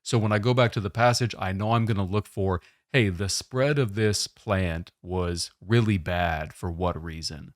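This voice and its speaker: A man giving a test-prep lesson, explaining question types in a steady, methodical way. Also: sits low, moderate pace, hardly any pauses, dry recording, clean studio sound.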